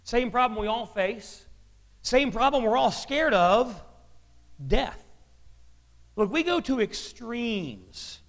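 Male pastor, sermon, blunt conversational delivery, fairly high voice, long hall reverb. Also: lively intonation, takes it slowly, pauses often.

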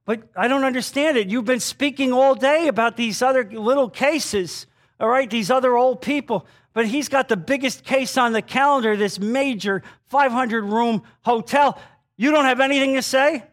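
A man voicing a stern male courtroom judge who speaks with slow, raised emphasis. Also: very high voice, fairly bright tone, pitched above the performer's own voice. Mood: incredulous.

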